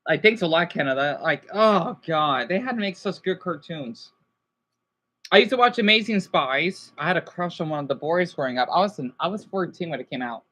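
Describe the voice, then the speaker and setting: A man chatting casually on a livestream, answering viewers, rambling and excitable with lots of restarts and exclamations. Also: fairly high pitch, brisk. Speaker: YouTuber.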